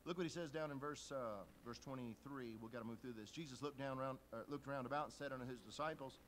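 A man preaching at a conference with lively storytelling, slipping into the voices of the people he quotes. He reads scripture in old-style wording, with a middling pitch and faint ambience behind him. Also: fast, slight background noise, low-quality recording. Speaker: pastor. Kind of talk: sermon. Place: church conference hall.

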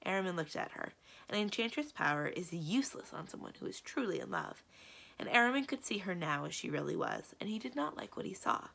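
A woman librarian reads a children's story aloud with lively, expressive storytelling. Her voice sits a little low with a gravelly texture. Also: fairly quick. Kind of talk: children's book read-aloud.

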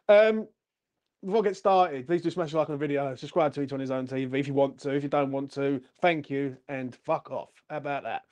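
A man's voice: fairly high pitch, a little mellow. A man hosting a fan channel, ranting bluntly and furiously after a match with constant swearing. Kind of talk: angry post-match livestream rant.

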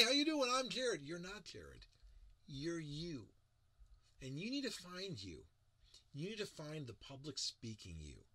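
A man coaching on public speaking in an energetic motivational lecture, swinging from slow, soft emphasis to loud bursts. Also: mid-range voice, breathy edge. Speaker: presentation coach.

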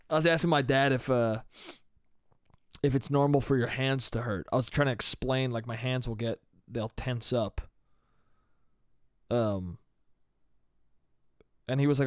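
A man's voice: mid-range voice, clean tone, no room sound, clean studio sound. A young man hosting a solo comedy podcast, talking in a loose, rambling way, swearing casually and trailing off. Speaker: podcast host.

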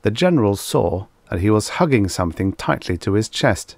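A man reading vintage science fiction stories aloud as an audiobook narrator, in a steady, measured way. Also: fairly low pitch, vocal fry, no room sound.

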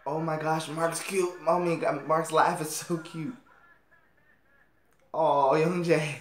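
A man hosting a reaction video, gushing and laughing often while keeping his voice low. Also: steady tone, slow, roomy sound, slight background noise. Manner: giggly, gushing, frequent laughter; kept low to stay quiet. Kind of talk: casual reaction commentary.

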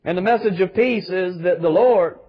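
Man, pastor, high voice, emphatic sermon, dull lo-fi recording. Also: moderate pace. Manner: emphatic preaching with rhetorical questions.

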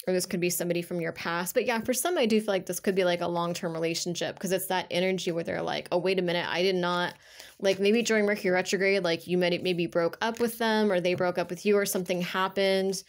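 A woman's voice: on the low side, fairly even intonation, quick pace, hardly any pauses. A woman giving a casual tarot reading in a chatty, rambling way, full of filler words. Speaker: tarot reader.

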